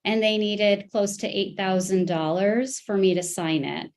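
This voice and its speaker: Woman giving testimony in a custody hearing, halting and hesitant, lots of ums and restarts, mid pitch. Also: darkish tone. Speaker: parent testifying in a custody case. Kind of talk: court testimony.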